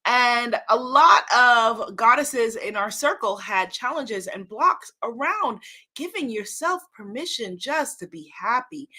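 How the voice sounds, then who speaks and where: A woman's voice: sits high, bright, forceful tone. A woman hosting a casual live-streamed spiritual talk, greeting viewers by name and exclaiming happily, recorded at home on a computer or phone mic. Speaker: host of a livestream spiritual talk. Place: at home in New York City.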